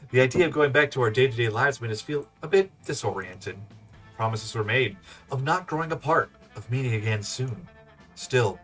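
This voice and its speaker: Off-mic and over faint music, a man with a medium-pitched, fairly bright voice hosts a casual let's play. He's chatty, giggly, and loose, laughing and reading the game text aloud.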